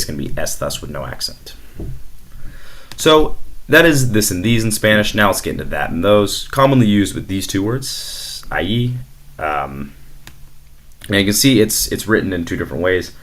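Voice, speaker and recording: A man's voice: on the low side, a bit bright. A young man explaining a language lesson in a casual, explanatory way, with fillers. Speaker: Spanish teacher. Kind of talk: screen-recorded language lesson.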